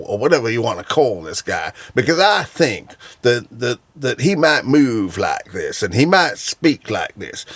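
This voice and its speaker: A man's voice: medium pitch, fairly bright tone, no room sound, voice pushed up. A man doing a folksy howdy-saying guy. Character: folksy greeting male character.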